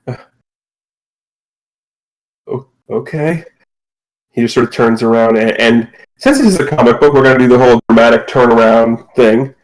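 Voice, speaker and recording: A man's voice: mid-range voice, fast talker, few pauses, low-quality recording. Man running a tabletop game. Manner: relaxed, filler-heavy narration. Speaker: game master.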